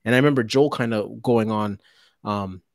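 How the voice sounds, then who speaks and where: A man co-hosting a podcast conversation, talking in an animated way with rhetorical questions and words repeated when he gets worked up. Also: on the low side, moderate pace, no room sound, clean studio sound. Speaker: co-host.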